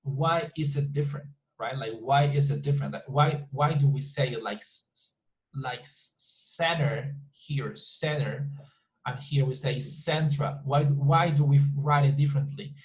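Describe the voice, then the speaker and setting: A man's voice: medium pitch, moderate pace, few pauses, darkish tone, rough recording. A man teaching an online English class, talking in a chatty, repetitive way and often checking in with his students. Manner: chatty, repetitive, asks the class frequent questions.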